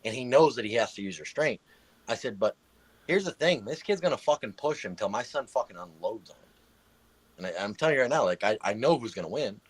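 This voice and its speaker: A man's voice: medium pitch, lively intonation, fairly quick, husky. A man in his thirties or forties telling a heated personal story in casual chat, swearing constantly.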